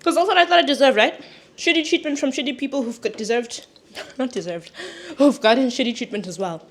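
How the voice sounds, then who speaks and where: A young woman chats casually into a clip-on mic, frank and unfiltered, with the odd sniffle. Her voice sits a little high and jumps into sudden loud, emphatic bursts. A faint hiss runs under the recording. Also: brisk. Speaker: vlogger. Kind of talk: casual chat while cooking and eating.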